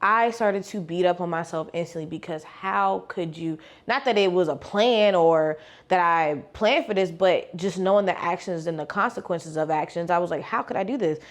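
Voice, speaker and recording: A young woman vlogger telling her faith testimony in a casual, animated way, acting out the dialogue and using slang. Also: lowish voice, normal speed, few pauses. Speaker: faith vlogger and life coach. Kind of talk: personal testimony storytelling.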